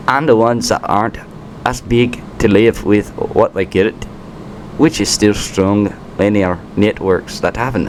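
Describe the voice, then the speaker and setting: A man's voice: lowish voice, darkish tone, slight background noise. A man from the United States hosting a political commentary rant, combative and sarcastic, now and then stumbling over words and restarting. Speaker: commentary channel host.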